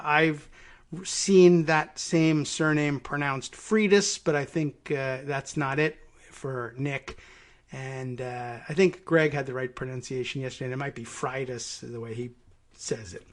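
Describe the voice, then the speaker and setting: A man's voice: fairly high pitch, fairly bright tone. A man hosting a political talk podcast, rambling casually on his own and chuckling at odd place-name pronunciations. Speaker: podcast host.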